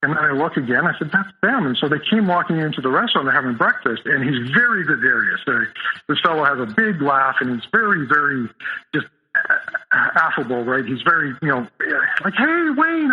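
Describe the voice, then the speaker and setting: Middle-aged male guest recounting his past, halting with constant restarts, heard over a tinny phone line. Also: mid-range voice, lively intonation. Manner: halting, full of restarts and fillers. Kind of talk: telling a personal story in an interview.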